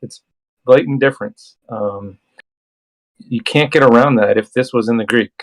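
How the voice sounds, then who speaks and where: A man's voice: mid-range voice, normal speed, low-quality recording. A man hosting a casual bible study discussion. He reads verses aloud and then comments on them conversationally. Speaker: host and scripture reader.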